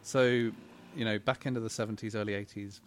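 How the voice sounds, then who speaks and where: A man from England, a game company's creative director, explaining things in a relaxed way as a podcast guest. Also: fairly low pitch, normal speed, slight background noise. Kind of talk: casual chat.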